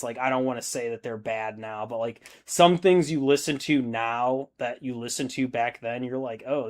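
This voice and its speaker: A man in his thirties hosting a hobby stream, chatting casually and reading out viewer comments, rambling and swearing freely. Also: mid-range voice. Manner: laid-back, rambling, swears a lot.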